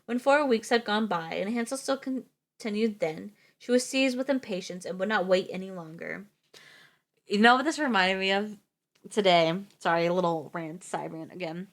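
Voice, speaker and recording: A woman's voice: mid-range voice, moderate pace. A young woman streamer reading fairytales aloud, who drifts into chatty asides. She laughs easily and corrects her own slips as she goes. Her voice sits in a middle register.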